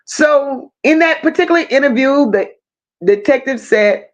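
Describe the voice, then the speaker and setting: Woman, high voice, true crime livestream host, blunt, profane, emotional, talks to viewers. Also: animated, normal speed, muffled recording. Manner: addresses viewers directly. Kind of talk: casual livestream commentary.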